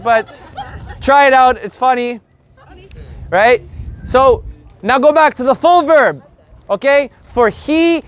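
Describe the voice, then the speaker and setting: A man teaching a casual live Spanish group lesson, brash and joking, swearing casually as he explains. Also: very high voice.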